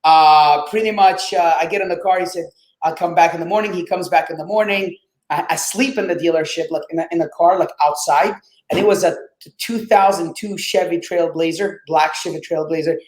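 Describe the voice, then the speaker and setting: A man whose first language is Arabic, telling his story as a podcast guest in a lively, swearing, casual way and acting out quotes. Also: fairly high pitch, fairly quick, reverberant, low-quality recording. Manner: animated, swears, acts out quotes.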